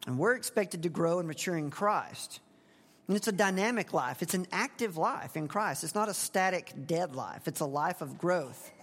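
A man's voice: high-pitched, lively intonation, normal speed, fairly bright tone. A male pastor giving a conversational expository sermon, asking the congregation questions. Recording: long hall reverb.

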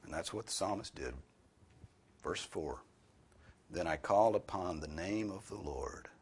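A man preaching an expository sermon, stressing key words loudly and dropping some phrases to a hushed near-whisper. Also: low-pitched, unhurried, slightly rough.

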